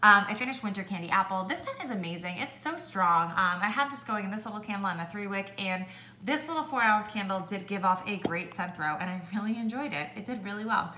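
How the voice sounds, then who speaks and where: Young woman, casual reviewer, chatty with many fillers, bright tone in an echoey room. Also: mid-range voice, a little fast, a little hiss or hum. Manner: chatty, heavy use of "like", animated when ranting. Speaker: beauty vlogger. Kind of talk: casual product review chat.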